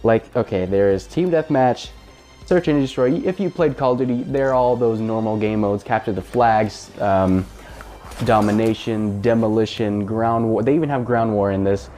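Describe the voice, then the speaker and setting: A man's voice: lowish voice, normal speed, warm tone, soft background music. A man hosting a casual spoken game review, talking in a chatty, rambling way with fillers and the odd swear word. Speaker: gaming channel host.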